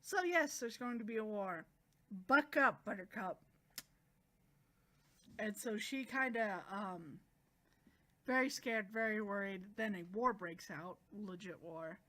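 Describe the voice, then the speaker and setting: A woman chattily recapping manga chapters, animated and acting out the characters' lines as she goes. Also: mid-range voice, unhurried. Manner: chatty, animated, acts out quotes. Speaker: manga reviewer.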